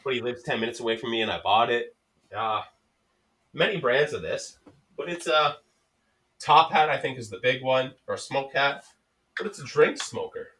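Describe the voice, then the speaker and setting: A Canadian-accented man holding a loose, casual podcast chat. He swears freely and laughs easily while spinning stories, his voice sitting right at an average male pitch. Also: normal speed, long pauses. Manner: profane, laughing often, animated storytelling.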